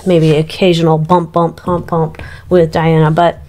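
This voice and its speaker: A woman's voice: low-pitched, flat delivery, unhurried, warm tone. A woman giving a casual, gossipy and irreverent tarot reading to her viewers, full of asides. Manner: gossipy, irreverent, frequent ums and laughs. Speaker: tarot reader.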